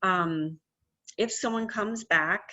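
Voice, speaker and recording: A woman's voice: mid-range voice, slow, bright, forceful tone. A middle-aged woman hypnotherapist giving a casual, earnest business lesson to camera, speaking with confident emphasis. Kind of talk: casual instructional talk to camera. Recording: dull lo-fi audio.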